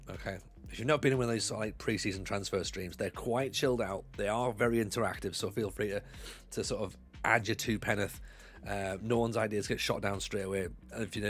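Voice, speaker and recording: A man's voice: lowish voice, vocal fry. A man streaming from home, chatting casually and animatedly with his live chat. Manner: chatty, animated, often laughs.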